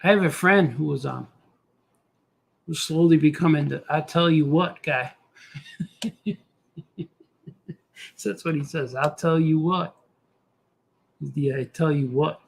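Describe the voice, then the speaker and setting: A man's voice: a little high, measured pace, creaky, pauses often, husky. A middle-aged man chatting casually and goofily to himself while he draws, hosting a live show. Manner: goofy, talks to himself, does silly voices. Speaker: cartoonist host drawing on stream. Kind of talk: rambling casual chat while drawing.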